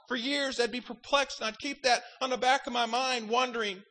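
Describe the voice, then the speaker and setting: A man's voice: very high voice, steady tone, brisk, few pauses, sharp tone, low-quality recording. A man pastor preaching a sermon, fervent in delivery and breaking into wry joking asides.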